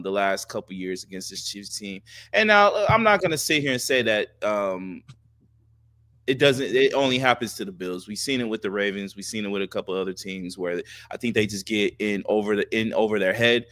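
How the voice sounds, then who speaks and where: Blunt, bright-voiced podcast co-host man. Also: fairly low pitch, no room sound, clean studio sound. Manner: blunt, profane, repeats himself for emphasis. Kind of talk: casual sports chat.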